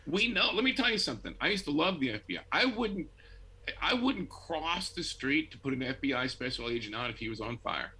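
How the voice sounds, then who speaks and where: A middle-aged man from Buffalo, New York, telling a story as a guest in a casual interview, animated and laughing often. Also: a little high, fairly quick, slightly rough, rough recording. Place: home.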